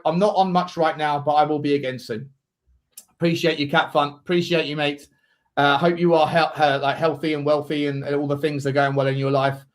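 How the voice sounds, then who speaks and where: Tipsy, boisterous male stream host. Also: fairly high pitch. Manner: boisterous, jokey, shouting out donors. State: tipsy from drinking. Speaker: watchalong host. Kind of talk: casual live-stream chat.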